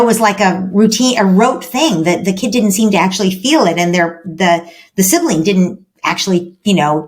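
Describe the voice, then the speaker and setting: A woman giving parenting advice as an expert guest on a podcast. She explains at length, often ends points with "right?", and acts out gentle dialogues between parent and child. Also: mid-range voice.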